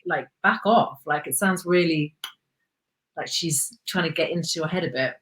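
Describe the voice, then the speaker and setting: A woman speaks reflectively about her own experiences, her lowish voice filled with soft pauses and fillers. Her talk is candid and unhurried. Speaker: co-host. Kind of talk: candid personal conversation.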